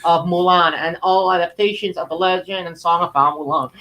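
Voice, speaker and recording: A man's voice: high voice, steady tone, fairly quick, sharp tone, low-quality recording. A man hosting a casual podcast, rambling off into long historical tangents. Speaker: podcast host.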